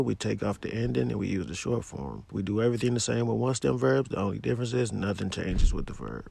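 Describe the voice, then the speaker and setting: A man giving a casual language lesson, explaining in a relaxed, plainspoken way. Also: on the low side, vocal fry, slightly rough. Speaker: language teacher.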